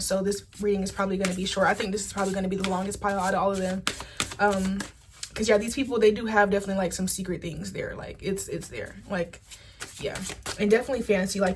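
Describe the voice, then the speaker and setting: A woman giving a casual pick-a-card tarot reading, chatty and animated, swearing freely. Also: medium pitch, background noise. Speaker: tarot reader.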